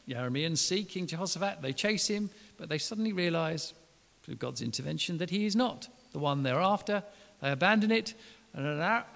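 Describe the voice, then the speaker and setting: A man preaches with a lively, colloquial delivery, his voice high and gravelly. The sound carries through a large hall with a long reverb. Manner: lively, colloquial, acts out quotes. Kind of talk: sermon retelling a Bible story.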